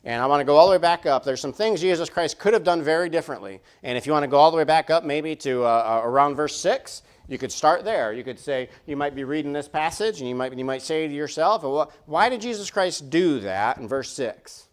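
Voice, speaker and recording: Pastor, male, fairly high voice, chatty sermon with repeated phrases and questions. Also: fast, few pauses, smooth. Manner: conversational preaching, repeating phrases, many rhetorical questions. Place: church sanctuary.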